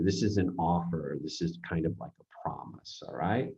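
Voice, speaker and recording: A man teaching a grammar seminar, explaining with halting, rambling sentences full of restarts and fillers. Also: sits low, vocal fry, mellow, lo-fi sound. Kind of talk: recorded grammar seminar lecture.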